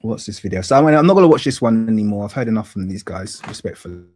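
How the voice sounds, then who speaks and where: A man's voice: on the low side, lively intonation, racing, a little mellow. Heated ranting male host. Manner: heated, ranting, swears, repeats himself for emphasis. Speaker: host of a commentary show. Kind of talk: solo opinion monologue.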